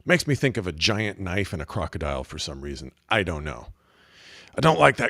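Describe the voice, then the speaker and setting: A middle-aged man hosts a show, rambling through jokes in a casual monologue. His pitch swings widely as he talks. The recording is dry and close, with no room sound. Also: brisk, vocal fry, no echo. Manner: joking, rambling, animated. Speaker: podcast host.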